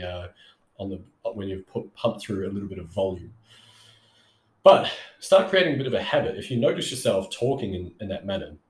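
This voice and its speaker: A man giving casual sales-call advice, talking loosely with many fillers and restarts, and showing off different speaking tones. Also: reverberant. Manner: conversational, rambling with frequent fillers and self-corrections; demonstrates vocal tones with shifts in pitch. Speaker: sales coach.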